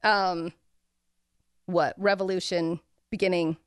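A woman's voice: fairly low pitch, flat delivery, slow, clean tone, no room sound, clean studio sound. A woman co-hosting a casual book podcast, retelling scenes with a few fillers as she hunts for a passage. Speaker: podcast co-host.

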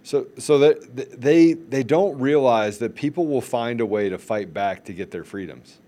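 A man's voice: medium pitch, expressive, normal speed, dark tone. A man co-hosting a podcast, speaking with passion and repeating phrases for emphasis. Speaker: podcast co-host. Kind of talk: casual political podcast talk.

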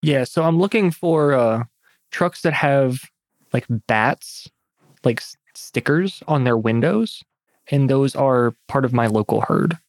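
A man playing a character in a tabletop game, lively and self-mocking, often laughing. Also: medium pitch, slow, no room sound. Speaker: player.

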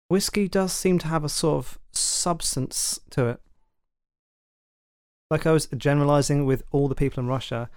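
A man's voice: medium pitch, a little mellow, clear, resonant tone, dry recording, clean studio sound. A man with a London accent hosting a podcast, talking casually and chattily with fillers and asides. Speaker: podcast host. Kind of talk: casual monologue.

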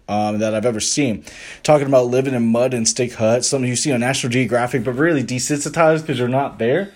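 A young man with a Southern American accent, telling his faith story casually on a podcast and acting out his past thoughts. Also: mid-range voice. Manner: animated storyteller, acts out his past thoughts, laughs easily. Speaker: podcast co-host sharing testimony. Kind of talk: casual conversational testimony.

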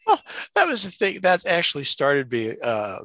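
A man's voice: fairly high pitch, huge pitch swings, moderate pace, sharp tone, no echo. A man from Mississippi rambling through stories in casual chat, laughing often.

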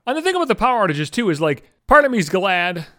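A man's voice: high voice, very animated, quick pace, a bit bright. A man hosting his own podcast, ranting in a profane, exasperated way from his apartment. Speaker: podcast host. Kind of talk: solo podcast rant.

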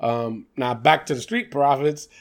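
Speaking a little slowly at medium pitch, a young male podcast co-host banters about wrestling. The talk is casual and animated, full of laughter and fillers.

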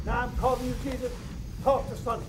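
An actor playing a desperate man praying aloud at night, pleading and shouting in raw anguish. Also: very high-pitched, little pitch movement, fast talker, noisy background. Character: anguished middle-aged man praying, yelling at God.

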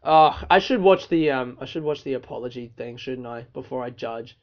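A man's voice: mid-range voice, moderate pace. Profane, rambling man on dull lo-fi audio. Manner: profane, rambling rant with many fillers. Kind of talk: casual monologue. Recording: dull lo-fi recording.

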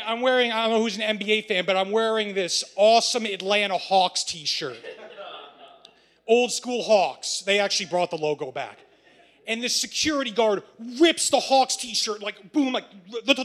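A man from the United States telling a story live to an audience, excitable and profane. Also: high voice. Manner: excitable, profane, laughing as he tells it. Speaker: storyteller on stage.

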